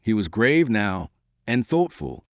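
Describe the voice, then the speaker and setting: A man narrating a historical novel as an audiobook, in a measured, expressive reading on a close mic. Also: fairly low pitch, no echo. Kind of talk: storybook narration.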